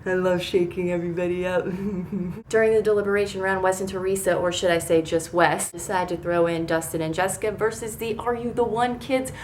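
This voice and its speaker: A woman in her thirties talks through a reality TV recap in a casual, rambling way, swearing freely and getting worked up over the action. Her pitch sits in the middle of the usual range. Faint background noise sits under her voice. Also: a little fast, hardly any pauses. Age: 30s. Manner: excitable, profane, rambling. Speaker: TV recap vlogger. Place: bedroom.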